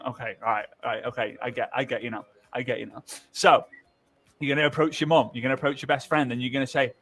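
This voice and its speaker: A man giving sales coaching to camera, jokey and animated, acting out sample phone calls. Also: mid-range voice, fast talker.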